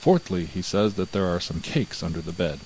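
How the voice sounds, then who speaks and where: A man voicing a sly, clever little peasant who speaks in a calm, knowing way, with a low voice. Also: normal speed, a little hiss or hum, poor audio.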